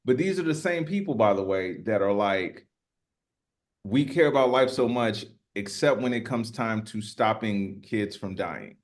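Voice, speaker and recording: A man in his fifties co-hosting a podcast, talking casually and getting animated when worked up. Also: on the low side, unhurried. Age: 50s. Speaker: podcast co-host. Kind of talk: casual chat.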